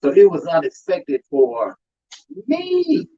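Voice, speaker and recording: A man with a high, lively voice leads the talk as an undertaker and host, preaching about grief and calling out to the room. His voice has a husky edge, and the recording is dull and lo-fi. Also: slow. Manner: emphatic, calls out to the audience with "y'all".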